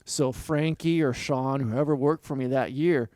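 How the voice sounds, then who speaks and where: A man's voice: mid-range voice, a little slow, no echo, studio quality. A man, a former motocross racer, telling stories in a loose, rambling way in a casual interview. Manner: loose, rambling, lively quoting of others.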